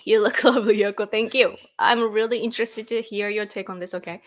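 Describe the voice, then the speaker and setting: Hosting a relaxed livestream from her room at home, a woman from Japan speaks with a Japanese accent in a steady, mid-range voice at a fairly quick pace. She giggles a lot, fills her speech with "like", chats freely and reads comments aloud.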